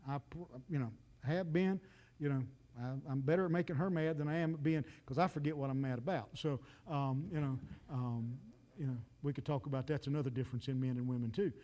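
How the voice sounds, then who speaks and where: A man's voice: mid-range voice, steady tone, fairly quick, dark tone. A man, preaching a folksy, joking sermon and talking straight to the congregation. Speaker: pastor.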